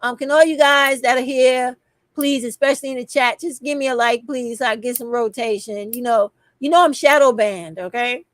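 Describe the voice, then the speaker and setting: A woman's voice: on the high side, moderate pace, dry recording. A middle-aged woman, hosting an impassioned livestream, emphatic and profane. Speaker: livestream host.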